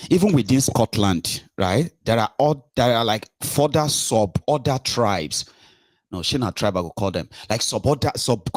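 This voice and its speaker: A man's voice: fairly low pitch, a bit bright, dry recording. A Nigerian man with a Nigerian accent, hosting a political commentary monologue, arguing emphatically and repeatedly putting rhetorical questions to his listener. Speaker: host.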